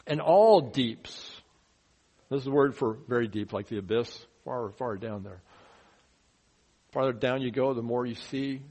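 A man delivers a sermon in a conversational style, posing rhetorical questions to his listeners and shifting between quiet asides and loud, emphatic bursts. His voice is medium in pitch and slightly rough.

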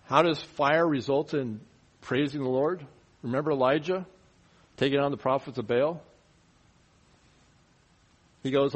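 A man delivers a sermon in a middle-pitched, conversational voice. He keeps putting rhetorical questions to his listeners. He drops into quiet asides, then rises into loud, emphatic bursts. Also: a little slow, long pauses, husky, dull audio. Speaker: preacher.

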